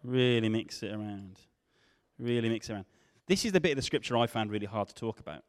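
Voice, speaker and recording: A man preaching a sermon, swinging from loud questions to hushed tones. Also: fairly low pitch, fast talker, clear, resonant tone. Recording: long hall reverb.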